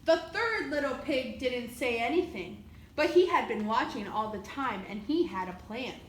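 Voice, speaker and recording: A woman on the library staff reading a fairy tale aloud in a lively, expressive storybook manner. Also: on the high side, normal speed, echoey room, slight background noise, low-quality recording.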